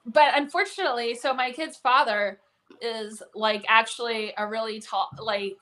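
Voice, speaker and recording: Lady comic calling in by phone, bright voice, chatty, laughing through stories. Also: a little high, poor audio. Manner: chatty storyteller, lots of fillers and laughs. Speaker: guest comedian. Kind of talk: casual chat.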